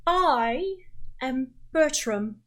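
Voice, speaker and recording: Woman doing a stiff old male butler, formal, faintly disapproving, slightly high voice. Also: expressive, drawn-out words, fairly bright tone, exaggerated voice. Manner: prim, proper, faintly disapproving. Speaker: game master.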